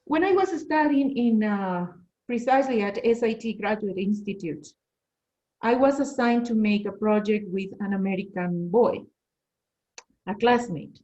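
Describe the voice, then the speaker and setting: A middle-aged woman from Bolivia with a Bolivian Spanish accent, a teacher trainer telling personal stories in a lively way and acting out quotes. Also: mid-range voice, unhurried, muffled recording. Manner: animated, storytelling with acted quotes and repetitions. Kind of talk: storytelling talk at an online meeting.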